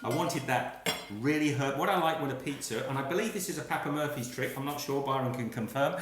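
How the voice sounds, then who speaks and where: A man's voice: mid-range voice, a little fast, noisy background. Chatty man cooking live, echoey. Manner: chatty, laughs at his own slip-ups. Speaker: cooking livestream host. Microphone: phone on a small tripod.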